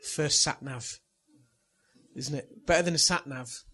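A man in middle age preaches in a relaxed, chatty way, slipping into anecdotes and chuckling at his own stories. His voice sits a touch high and has a husky, slightly rough edge. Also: measured pace. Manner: chatty storyteller, laughs at own story. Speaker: pastor. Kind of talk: sermon with personal anecdote.

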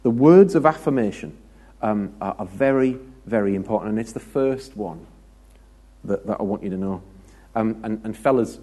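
Low husky-voiced British preacher. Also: male voice, warm tone. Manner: chatty and joking, with anecdotes and asides to the congregation. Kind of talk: conversational sermon.

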